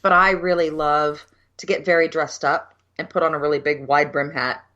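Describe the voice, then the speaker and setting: A woman in her 50s from Minneapolis, USA, co-hosts a casual podcast chat over cocktails. Her low-pitched voice comes through a muffled recording at a moderate pace as she tells stories frankly and animatedly, swearing freely.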